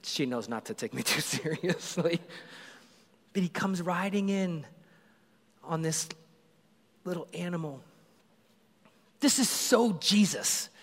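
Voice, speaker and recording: Male pastor, higher register, animated storyteller, echoey sanctuary. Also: takes it slowly, long pauses. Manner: animated storytelling, acts out crowd voices. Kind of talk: sermon.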